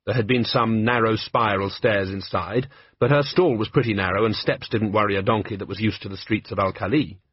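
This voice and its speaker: A man's voice: fairly quick, breathy edge, no echo. A man reading an audiobook aloud, switching to raised voices for the characters. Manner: shifts pitch up for characters. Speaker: audiobook narrator. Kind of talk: scripted narration with character voices. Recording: dull lo-fi dry recording.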